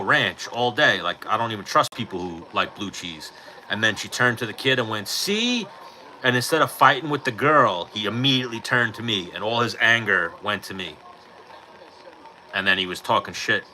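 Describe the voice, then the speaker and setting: A middle-aged man with a very bright, sharp voice chats casually on a livestream, spinning animated stories and swearing freely as he acts out the people in them. He talks into his own mic, with a faint hiss of noise underneath. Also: fairly low pitch, rough recording. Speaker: livestream host. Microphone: personal mic.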